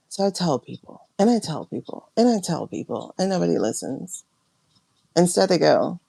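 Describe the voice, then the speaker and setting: A woman hosting a tarot livestream, ranting emphatically and repeating herself, her voice swinging between loud and hushed. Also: low voice, lively intonation, normal speed, gravelly, slightly rough, no room sound. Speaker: tarot reader and livestream host.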